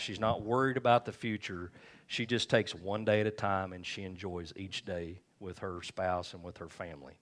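A man's voice: on the low side, a bit bright. A man preaching a sermon as pastor, folksy and joking, calling on the congregation for amens. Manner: calls for amens from the crowd.

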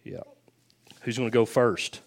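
A man's voice: mid-range voice, flat delivery, a little slow. A middle-aged male pastor, speaking from a church platform into a handheld mic in a folksy, rambling way with restarts and chuckles. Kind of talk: casual church talk before baptisms. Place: church sanctuary. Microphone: handheld microphone.

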